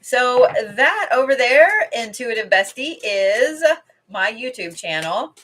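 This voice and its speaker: Chatty woman with a bright voice. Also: fairly high pitch, big pitch swings, slow. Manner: chatty, rambling, swears casually. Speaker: intuitive card reader. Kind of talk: casual livestream chat with card reading. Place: home.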